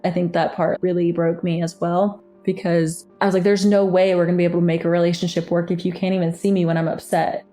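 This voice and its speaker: Woman w/ lowish voice, candid and exasperated, reading old texts out loud. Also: flat delivery, fast, hardly any pauses, faint music behind. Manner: candid, exasperated, laughs at times. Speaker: interviewee recounting her story. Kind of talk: personal storytelling, reading texts aloud.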